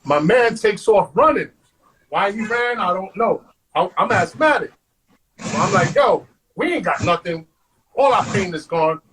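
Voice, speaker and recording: A man, a guest on an interview show, telling stories in an animated way, acting out quotes and saying "man" all the time. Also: sits high, measured pace, slightly rough, low-quality recording. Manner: animated, acts out quotes, says "man" constantly. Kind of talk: storytelling.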